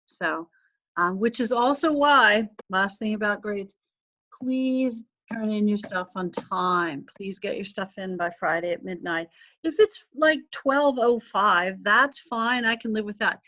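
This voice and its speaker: A woman's voice: medium pitch, a little slow, sharp tone. A woman teacher giving a casual online class lecture, chatty and laughing at herself, with the odd sneeze and cough. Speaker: college teacher. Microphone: video call. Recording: slightly dull video call audio.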